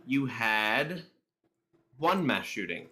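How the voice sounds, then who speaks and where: A man co-hosting a casual political commentary chat, often pausing with fillers as he reads through numbers. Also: medium pitch, very animated, pushed and bright. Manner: reads out statistics haltingly, many fillers. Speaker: co-host.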